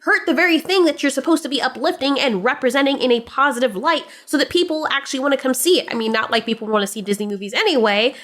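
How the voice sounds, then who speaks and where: A woman's voice: high-pitched, fast, hardly any pauses, fairly bright tone. A woman hosting an opinion commentary vlog, talking in a blunt, sarcastic way and swearing freely. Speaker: commentary channel host.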